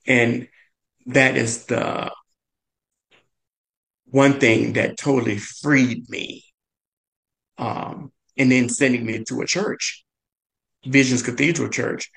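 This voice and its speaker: A man telling a personal story in earnest, his voice carrying a gravelly edge. He pauses often on "and, uh" as he goes. His pitch leaps up when he quotes other people. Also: steady tone, a bit bright, poor audio. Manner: halting, many "and, uh" fillers. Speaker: guest chef.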